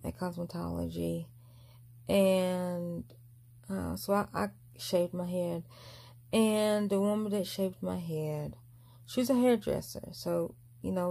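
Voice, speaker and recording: A woman's voice: on the low side, creaky, warm tone. A young woman telling a long personal story in a casual vlog, mumbling and restarting often. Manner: rambling, mumbled delivery with frequent restarts.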